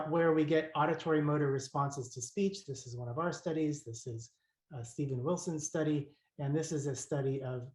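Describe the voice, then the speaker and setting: Man lecturing with many fillers, echoey room. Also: fairly high pitch. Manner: halting, many fillers and restarts. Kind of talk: academic lecture with slides.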